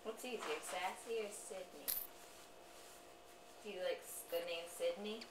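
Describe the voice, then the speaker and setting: A woman's voice: fairly low pitch, unhurried, reverberant, distant mic, background noise. A mother doing playful, sing-song baby talk as she coaxes her toddler to say words.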